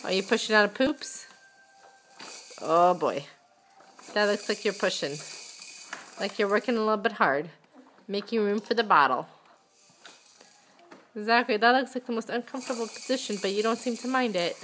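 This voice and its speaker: A mother talking baby talk to her infants at home, cooing in a drawn-out, sing-song way. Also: mid-range voice, fairly bright tone, slight background noise.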